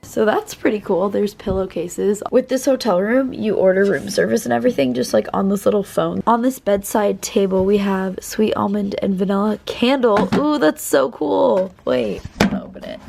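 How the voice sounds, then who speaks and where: A woman's voice: mid-range voice, animated, moderate pace, creaky, hardly any pauses, darkish tone, slight background noise. A young woman vlogging casually from a hotel room while sick and a bit stuffy, chatty and full of "like". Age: young adult. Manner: chatty, says "like" a lot. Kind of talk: casual vlog chat. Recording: music playing under the voice.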